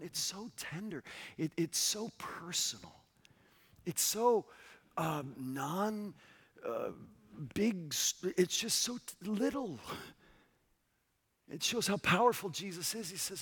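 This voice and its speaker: A man in his forties preaches with a slightly husky, fairly high voice that swoops lively through each phrase. He turns tender and personal, sinking to a near hush for quoted lines. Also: a little slow. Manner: tender, dropping to a soft hush for quoted words. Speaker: pastor. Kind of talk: sermon.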